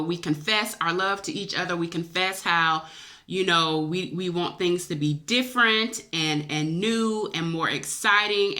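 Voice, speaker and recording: A woman vlogger with a bright, forceful tone, sitting a little low in her register as she recounts a dream to her viewers. She talks in a chatty, emotional way, teary-eyed and calling them y'all. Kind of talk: personal storytelling to camera.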